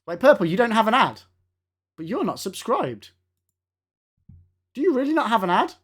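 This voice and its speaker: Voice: mid-range voice, big pitch swings, moderate pace, husky. Game streamer, live-stream chat, casual, laughing, swears.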